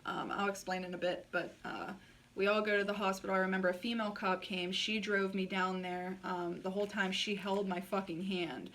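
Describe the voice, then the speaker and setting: A woman's voice: mid-range voice, steady tone, a little fast, fairly bright tone, far from the mic. A woman vlogger telling a personal story in a blunt, candid way, swearing freely and saying "like" a lot. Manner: blunt and frank, swears freely, many filler likes.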